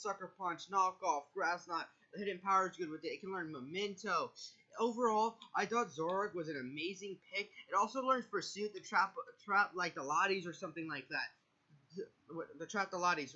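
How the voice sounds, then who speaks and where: A nervous video creator talks through his picks in an easygoing draft monologue, often stumbling and correcting himself. He has a high, sharp voice, and the recording is muffled.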